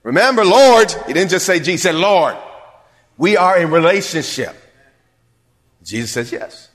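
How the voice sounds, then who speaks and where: A pastor preaches a sermon to his church, his voice high, sing-song and fairly bright at a normal pace. He builds to emphatic calls and asks the congregation whether they hear him. The recording carries the long reverb of a large hall.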